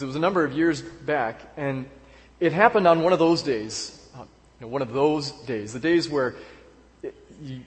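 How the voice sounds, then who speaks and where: Pastor telling a story in an echoey hall. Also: male voice, fairly high pitch. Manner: storytelling with pauses and repeated words. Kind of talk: sermon. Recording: echoey hall with long reverb.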